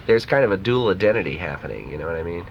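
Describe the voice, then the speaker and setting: Very low-voiced man rambling over tape hiss. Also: gravelly. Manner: relaxed, rambling, laughing, leaning on "you know". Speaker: musician guest. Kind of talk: casual radio interview. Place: radio studio. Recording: dull archival radio tape with hiss.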